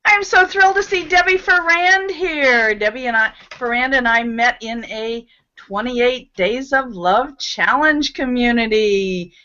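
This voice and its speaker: A woman's voice: on the high side, measured pace, few pauses, bright, forceful tone, lo-fi sound. A woman hosting a casual online panel, chatty and leading group laughter exercises. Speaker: host.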